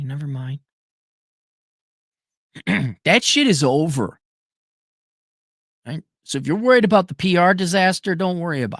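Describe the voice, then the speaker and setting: A man's voice: high-pitched, fairly bright tone, no room sound, clean studio sound. A man delivering a profane, sarcastic ranting monologue, breaking into mocking voices. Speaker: commentator.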